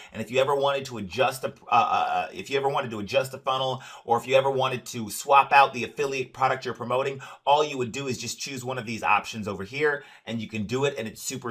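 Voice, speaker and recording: A man walking the viewer through software on a screen share, in an upbeat sales-pitch manner with frequent "uh" and "right?" fillers. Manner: stresses ease, direct to the viewer. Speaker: presenter demonstrating software. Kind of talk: screen-share product walkthrough.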